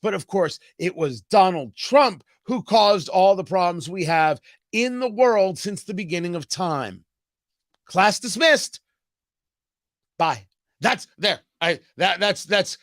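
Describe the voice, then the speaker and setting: Sarcastic guy hosting a commentary show, high and punchy, very dry close sound. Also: unhurried, no echo. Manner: sarcastic, emphatic, lively. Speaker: host. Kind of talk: political commentary.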